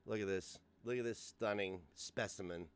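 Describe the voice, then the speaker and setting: A man's voice: lowish voice, moderate pace, smooth. A man in his forties hosting a casual livestream rant, profane and mocking, often laughing. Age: 40s. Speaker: host.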